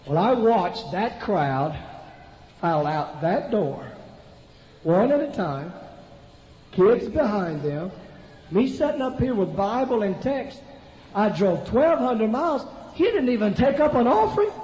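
A high, sing-song male voice, slightly slow and a bit mellow, preaches through a humorous folksy story. He keeps repeating phrases and speaks straight to those listening. The audio is lo-fi and dull, recorded in an echoey hall with faint noise.

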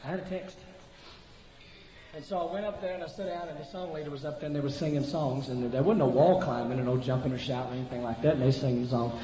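Speaking quickly with a medium pitch and fairly even intonation, a man preaches through a funny, folksy story, repeating himself and addressing the audience directly. The sound is dull and lo-fi, with an echoey hall and faint noise.

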